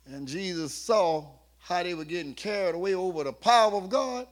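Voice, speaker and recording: A middle-aged pastor preaching a sermon, rising from quiet talk to shouting and acting out the voices in his stories. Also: high-pitched, normal speed.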